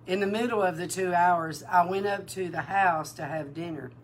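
A woman minister giving a sermon-style testimony, animated and emotional, acting out the dialogue in her story. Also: fairly low pitch, moderate pace, a little hiss or hum. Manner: emotional, near tears. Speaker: prophetic minister.

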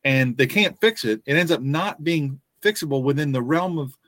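A man hosting a faith-based podcast, talking earnestly with frequent restarts and pauses. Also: a little high, expressive, a bit bright, dry recording. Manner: earnest, halting with many restarts. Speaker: podcast host.

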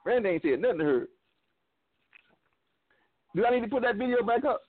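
A man's voice: extremely high pitch, lively intonation, brisk. A man chatting casually on a call, easygoing and repeating his points. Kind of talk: casual chat. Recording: tinny phone line.

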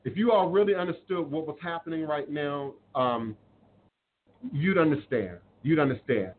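Man, live-stream spiritual host, fairly high voice, earnest, preachy, repeats lines; phone-like sound. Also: moderate pace. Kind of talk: live-stream talk, reading viewer comments. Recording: phone-like audio with faint noise.

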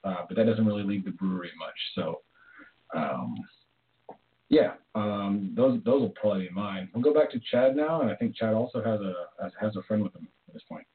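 A man's voice: on the low side, brisk. A man hosting a casual beer chat, easygoing and hesitant, with lots of fillers. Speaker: podcast host. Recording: lo-fi phone-like sound.

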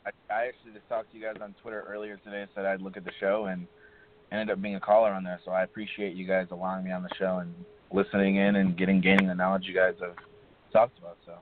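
A man phoning in to the show who speaks quickly and softly, thanking the hosts for having him. His voice is low and hurried. The line is tinny, with loud noise and clicks behind him. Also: little pitch movement. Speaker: caller. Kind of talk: casual chat. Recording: noisy tinny phone line.

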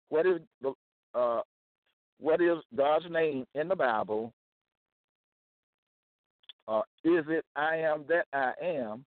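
A man's voice: a little high, no room sound, phone-quality sound. A man giving a Bible teaching, emphatic and repetitive, often checking that listeners follow. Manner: emphatic, repeats key phrases, checks in with listeners. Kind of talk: slow Bible teaching to camera.

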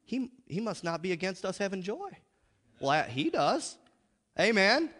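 An American man preaching a revival sermon in a church, emphatic and joking, with big swings between loud and soft. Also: sits high, very animated, unhurried. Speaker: pastor. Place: large church sanctuary. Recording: long hall reverb.

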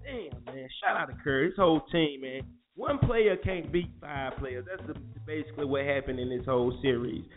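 A man's voice: mid-range voice, moderate pace. A man hosting a morning show, ranting about sports in a heated, profane, repetitive way. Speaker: show host. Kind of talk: casual sports rant. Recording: tinny phone-like audio with faint music.

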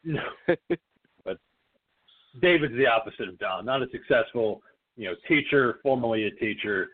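Over phone-like lo-fi audio, a podcast co-host with a medium-pitched voice and lively intonation recaps a film at a moderate pace. His casual chat is jokey and profane, and he acts out the movie's characters.

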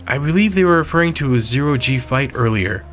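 A man voicing a composed female military officer who speaks curtly and calmly. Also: mid-range voice, brisk, soft background music, close to an everyday voice. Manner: curt, calm.

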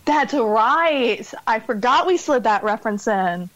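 A woman guest on a casual podcast interview talks about her own writing, chatty and quick to laugh at herself. Her voice sits a little high. The sound is dry and close, with no room around it. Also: expressive, a bit bright, dry recording, highs cut off. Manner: chatty, self-deprecating, laughs often. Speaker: author guest.

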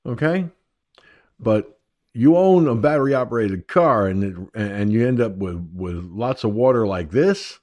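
A man's voice: lowish voice, expressive, a little slow, a little mellow. An older man hosting an online talk radio show, joking and rambling crudely about everyday troubles. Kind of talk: casual call-in chat.

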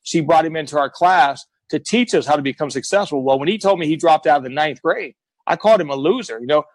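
A middle-aged American man tells his own life story with earnest emphasis, slipping into the voices of the people he quotes. His voice sits a little high for a man. The sound is dry and close, as if on a video call. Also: fast, no room sound, low-quality recording. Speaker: guest. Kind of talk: emotional personal storytelling.

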